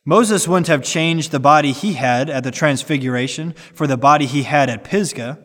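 A man reads an old sermon aloud with an earnest, preacherly cadence, pressing hard on some words and easing off on others. His voice sits somewhat high for a man. Each phrase trails off into a long, lingering reverb. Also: moderate pace, fairly bright tone. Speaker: sermon reader. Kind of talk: reading a 19th-century sermon aloud.

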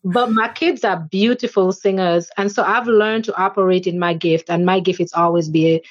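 A woman's voice: medium pitch, fairly even intonation, moderate pace, no echo. A woman in her forties who is a guest in an interview. She answers earnestly and reflectively, with frequent fillers. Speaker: organization chair, interview guest. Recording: slightly dull lo-fi audio.

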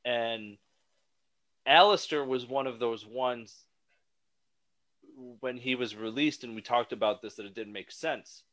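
A man co-hosting a podcast, talking in an animated, rambling way with frequent restarts. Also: mid-range voice, a little slow, pauses often. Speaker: podcast co-host. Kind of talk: casual chat.

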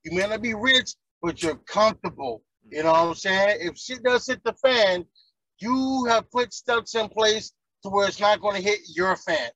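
Guy with a real high voice, ranting and cussing, dull dry recording. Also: normal speed, bright, forceful tone, no room sound. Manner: heated, profane, preachy. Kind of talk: profane ranting chat.

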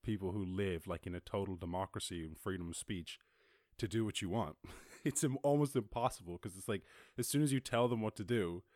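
A man with an Irish accent hosting a casual solo podcast, reacting to news in a jokey, excitable way and swearing freely. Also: low-pitched, brisk, no room sound, clean studio sound. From Ireland. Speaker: podcast host.

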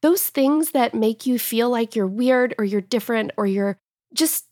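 Emotional woman author, thirties, warm laughter, close dry mic. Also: fairly high pitch, a little slow, dry recording. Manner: heartfelt, emotional, laughs often. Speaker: author guest. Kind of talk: podcast interview.

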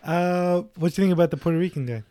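Casual co-host, a man with a slightly high voice, rambling and joking, dry close sound. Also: fast talker, warm tone, smooth, no echo. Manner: joking, rambling, laughs often. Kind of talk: casual movie chat.

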